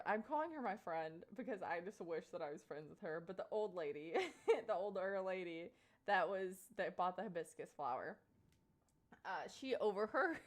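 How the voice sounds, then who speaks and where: A young woman streamer telling a story casually to her chat, full of fillers and frequent laughter. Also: mid-range voice. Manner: animated, laughs often, many fillers like "like" and "um". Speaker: live streamer.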